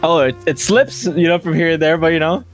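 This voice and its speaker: A man's voice: a little high, expressive, brisk, soft background music. A man who works as a teacher, co-hosting a casual chat, laughing often and repeating himself. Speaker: co-host, teacher.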